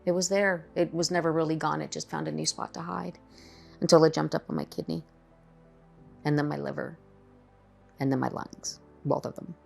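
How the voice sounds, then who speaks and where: A middle-aged woman with a low, gravelly voice tells her cancer story in a candid, conversational way. It is a personal testimony, with faint music underneath. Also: steady tone, moderate pace, long pauses.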